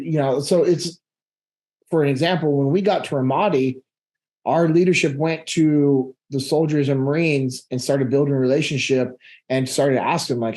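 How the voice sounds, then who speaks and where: A man, a leadership instructor, answering audience questions in a casual, direct way, laughing easily and getting animated. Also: medium pitch, moderate pace. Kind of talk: casual Q&A talk.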